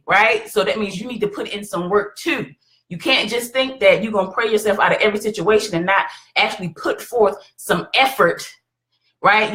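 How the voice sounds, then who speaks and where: A woman's voice: medium pitch, a bit bright. A woman hosting a live stream and giving motivational advice, encouraging and checking in with her viewers as she talks. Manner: encouraging, keeps checking in with "right?".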